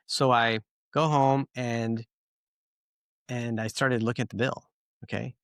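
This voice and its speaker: A man's voice: medium pitch, takes it slowly, dry recording, studio quality. Rambling male podcast host telling a story. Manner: rambling, filler-heavy, animated storytelling.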